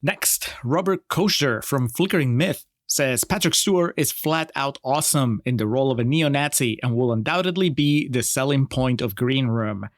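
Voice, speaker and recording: Mid-pitched guy cohosting a film podcast, laid back and laughing a lot, dry close mic. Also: moderate pace, few pauses, no echo. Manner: laughs often, easygoing, reads quotes aloud. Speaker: podcast co-host. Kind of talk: casual film-review chat.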